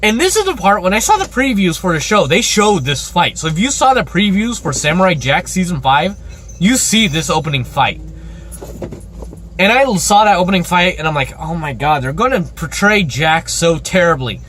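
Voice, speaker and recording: A fairly high-voiced man rambles through a casual, swear-heavy vlog review, talking himself up with eager energy. He records it on a phone in an outdoor parking lot, with faint traffic noise behind him. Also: moderate pace. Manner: excitable, profane and rambling. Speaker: show reviewer.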